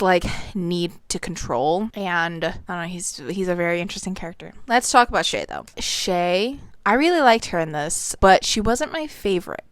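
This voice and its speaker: A woman's voice: on the low side, clear, resonant tone, no echo. A young woman in a casual book review vlog, talking emphatically with lots of swearing and "like" fillers.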